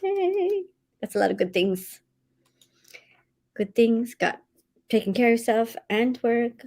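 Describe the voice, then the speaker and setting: Bubbly woman with a lively high voice. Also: takes it slowly. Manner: laughs often, voice jumps high when excited. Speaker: livestream host of writing sprints. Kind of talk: casual livestream chat, reading out viewer comments. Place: at home.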